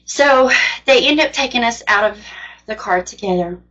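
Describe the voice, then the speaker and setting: A woman's voice: fairly high pitch, animated, moderate pace, a bit bright, highs cut off. A woman casually sharing a personal testimony as a mother, in an earnest, plain-spoken and rambling way.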